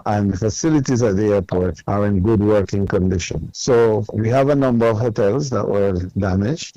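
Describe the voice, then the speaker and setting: A man, a government minister speaking in formal, measured official language in a news interview clip. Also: lowish voice, dark tone, no echo. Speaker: tourism minister. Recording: dull, muffled interview clip.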